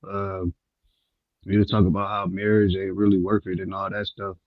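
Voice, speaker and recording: A man from Milwaukee calling in to a casual chat, speaking in a relaxed, drawling way. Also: sits low, moderate pace, no room sound. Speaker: guest caller. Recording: dull lo-fi line.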